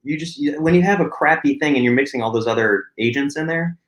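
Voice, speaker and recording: A man's voice: on the high side, quick pace, a bit bright. A man hosting a casual livestream chat, blunt and opinionated, cursing freely. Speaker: host. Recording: echoey room.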